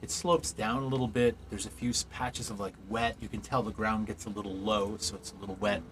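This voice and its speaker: Relaxed man narrating as game master. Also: on the low side, a little fast. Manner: casual, loose narration with fillers.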